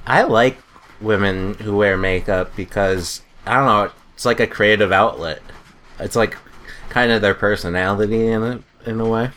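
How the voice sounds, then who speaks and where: A man's voice: fairly low pitch, fairly bright tone. An American man co-hosting a casual group podcast over a remote call, teasing and laughing often. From United States. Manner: joking, quick to tease and laugh. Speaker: podcast co-host.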